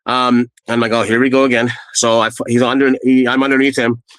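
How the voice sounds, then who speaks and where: A middle-aged man from Canada, a guest telling his own story in a blunt, lively way and acting out what others said. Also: fairly quick, no room sound, rough recording. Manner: re-enacts quoted people with raised pitch, blunt and profane. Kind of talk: animated personal storytelling.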